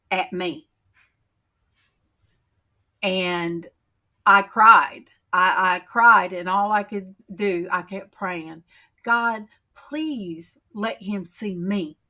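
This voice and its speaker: A woman chatting on her faith livestream, talking slowly and emotionally with many pauses and fillers. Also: mid-range voice, sharp tone. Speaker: channel host on a faith livestream. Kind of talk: casual chat, reading viewer comments.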